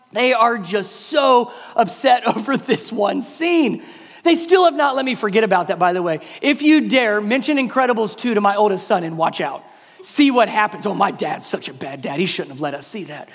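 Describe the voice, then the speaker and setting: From the pulpit, a pastor with a strikingly high voice tells a sermon story, his words trailing off into long, echoing reverb. Animated throughout, he acts out his children in loud, squealing high shouts.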